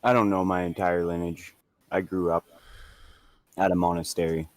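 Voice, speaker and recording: A man playing a tabletop game, speaking in character in a slow, earnest, hesitant way. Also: sits low, little pitch movement, dry recording. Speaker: player.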